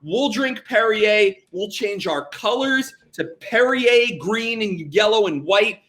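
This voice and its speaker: A young man co-hosting a casual betting podcast, energetic and jokey, hyping things up as he talks. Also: sits high, takes it slowly, noisy background. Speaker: podcast co-host.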